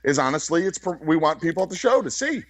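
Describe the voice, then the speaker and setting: A man from Chicago co-hosting a wrestling podcast, talking in rambling, halting casual banter. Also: fairly high pitch, very animated, no echo. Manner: rambling, halting, with frequent restarts and laughs.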